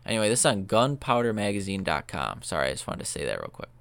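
A man's voice: deep voice, wildly swooping pitch, fast talker, vocal fry, a bit bright, clean tone, dry recording. A young man hosting a podcast, telling a story in loose, profane chat full of fillers. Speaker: podcast host. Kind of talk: casual rambling storytelling.

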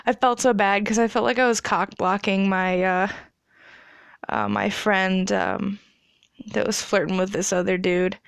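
A woman's voice: medium pitch, fairly even intonation, a little slow, gravelly, clean tone, no echo, clean studio sound. A young woman telling a rambling, profane story in a casual storytime vlog, laughing often. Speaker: vlogger.

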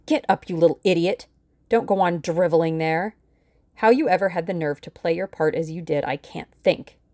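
A woman's voice: lowish voice, unhurried, a little mellow. A woman voicing a menacing woman villain in an audiobook, cheerful on the surface with cold threats underneath. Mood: scornful. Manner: mockingly genial, cold threats. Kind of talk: audiobook character reading.

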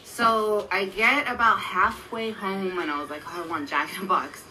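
A woman's voice: mid-range voice, steady tone, normal speed, pushed and bright, faint music behind, rough recording. A woman in her thirties, co-hosting a podcast, telling a long story in casual, profane chat. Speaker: podcast co-host.

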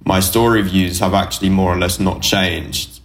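A man's voice: sits low, steady tone, moderate pace. A man from the UK co-hosting a podcast, talking frankly and bluntly with lots of swearing and filler words. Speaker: podcast co-host. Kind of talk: casual chat.

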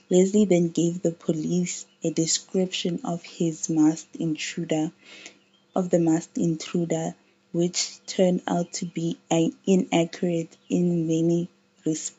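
A woman tells a true crime story in a low, husky voice, stumbling and restarting her phrases as she goes. She talks slowly, and the recording sounds dull and lo-fi. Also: dark tone. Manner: halting, frequent restarts and self-corrections. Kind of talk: unscripted true crime narration.

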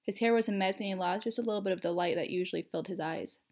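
A woman narrating a story in the first person, with an expressive, even reading. Her voice sits at an ordinary middle pitch. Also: rapid-fire.

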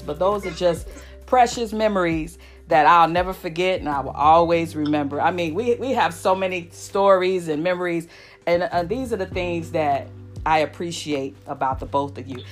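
Low-voiced heartfelt woman host. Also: normal speed, soft background music. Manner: emotional, repeats phrases, folksy. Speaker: podcast host. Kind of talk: heartfelt casual chat.

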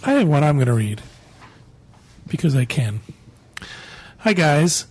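A man's voice: a little high, very animated, measured pace, a little mellow, slightly rough. A man co-hosting a podcast, reading listener email aloud in a casual, joking way. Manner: joking, laughs often. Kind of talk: casual chat.

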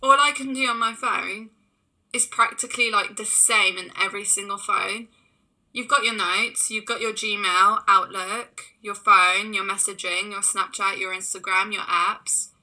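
A young woman chatting casually as a co-host, excitable and quick to laugh. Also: medium pitch. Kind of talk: casual chat.

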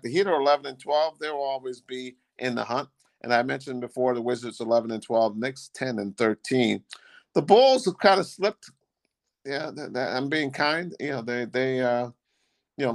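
A man co-hosting a podcast, talking casually about basketball in a rambling, halting way with many restarts. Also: mid-range voice, no echo. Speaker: podcast co-host. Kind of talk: casual sports chat.

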